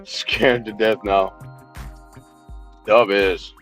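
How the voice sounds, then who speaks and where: A man's voice: on the low side, steady tone, very slow, a bit bright, faint music behind. A man ranting heatedly on a livestream, swearing constantly, mocking and confronting people while he answers his chat.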